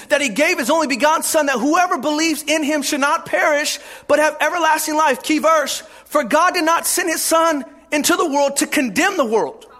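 A man preaching a sermon with passion, often raising his voice to a shout for emphasis. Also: extremely high pitch. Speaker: pastor.

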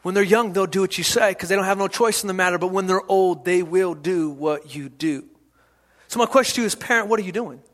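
High, bright-voiced man preaching. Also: brisk. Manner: preaching with repetition and sudden shouts. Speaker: pastor. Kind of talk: sermon.

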